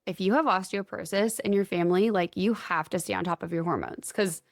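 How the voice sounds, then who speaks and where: A woman's voice: mid-range voice, no echo. A woman co-hosting a podcast, explaining health topics in an upbeat, chatty way and running through lists of points. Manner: upbeat, explains in quick lists, laughs easily. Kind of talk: casual explanatory chat.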